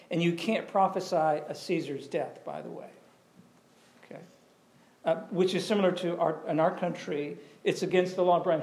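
A man preaching a sermon in a conversational, animated way, often asking questions of the audience. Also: on the high side. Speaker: pastor.

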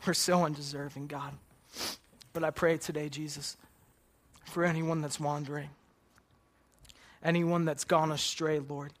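An earnest male preacher speaks to his listeners with a slightly raised pitch. His delivery stays level and even, with little rise and fall. In prayer he keeps returning to "God" and "Lord". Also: a little slow, long pauses. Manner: asks "right?" of the listeners. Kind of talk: sermon and closing prayer.

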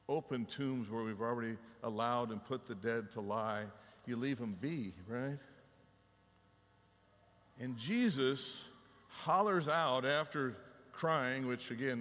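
A man's voice: medium pitch, a bit bright, big-room sound. A man, preaching a conversational sermon and acting out voices as he tells the story. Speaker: pastor.

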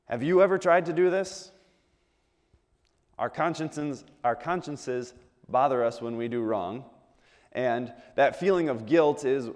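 Male preacher, mid-pitched voice, chatty sermon full of rhetorical questions, big hall echo. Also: a little mellow. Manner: conversational, asks the audience rhetorical questions, repeats words when restarting.

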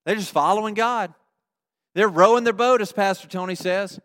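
High-voiced preacher in an echoing church. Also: male voice, fairly quick, smooth. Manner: animated storytelling, addresses the congregation with questions. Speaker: pastor. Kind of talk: sermon. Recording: long reverb of a large hall.

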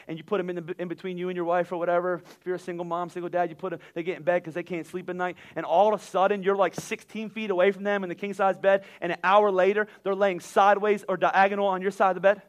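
A man, preaching a sermon with energetic, repetitive emphasis that builds to loud peaks. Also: sits high. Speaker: pastor.

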